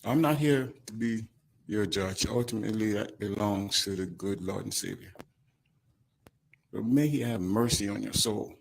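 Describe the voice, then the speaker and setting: A man, crying as he gives an emotional, halting victim statement at a courtroom podium microphone. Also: lowish voice, gravelly, slight background noise. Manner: emotional, halting, breaks off mid-sentence.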